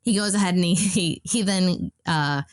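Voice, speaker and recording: A woman with a notably low voice recounts a personal story in a loose, conversational way, stopping and restarting her sentences and filling gaps with ums and you-knows. The sound is close and dry, with no room echo. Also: moderate pace. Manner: rambling, retells dialogue, many fillers and restarts. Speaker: podcast guest.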